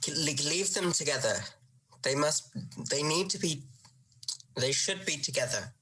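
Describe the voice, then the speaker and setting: Husky, bright woman player in character. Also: sits low, unhurried, rough recording. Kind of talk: in-character tabletop play.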